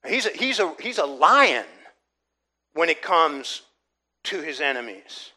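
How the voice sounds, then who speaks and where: A male pastor delivers a sermon in a high, bright voice. He talks earnestly, circles back on his phrases and pushes key words hard. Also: sing-song, slow. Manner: earnest preaching with repetitions and rising emphasis.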